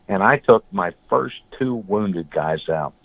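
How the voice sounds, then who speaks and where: A man's voice: low-pitched, slow, vocal fry, no room sound. Blunt man telling stories over a phone line. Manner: blunt, animated storyteller, acts out quotes. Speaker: guest. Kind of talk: storytelling in an interview. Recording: phone-like, dry call audio.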